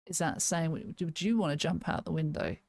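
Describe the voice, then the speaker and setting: A woman's voice: deep voice, a little fast, creaky, darkish tone, no room sound. A woman casually reviewing an album, thinking aloud, restarting sentences and laughing now and then. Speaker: music reaction host.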